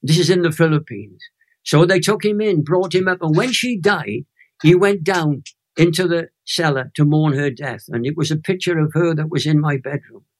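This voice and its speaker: A Welsh man in his eighties, a Christian minister telling a personal testimony as an interview guest, animated and emotional. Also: fairly high pitch, moderate pace. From Wales. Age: 80s.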